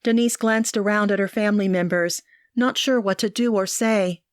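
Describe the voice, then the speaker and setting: A woman narrating an audiobook in an even, measured way. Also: medium pitch, no echo, clean studio sound.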